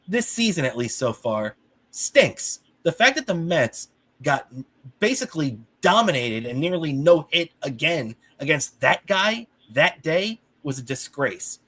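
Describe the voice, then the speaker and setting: Man, heated sports rant, higher voice, swings up and down a lot, swears freely. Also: a little slow. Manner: heated, animated ranting. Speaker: podcast co-host. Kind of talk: casual sports talk.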